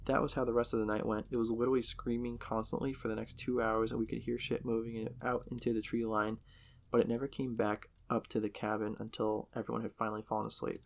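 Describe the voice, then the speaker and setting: A man's voice: mid-range voice, flat delivery, fast talker, creaky. A man casually narrating a horror story in a profane, conversational way.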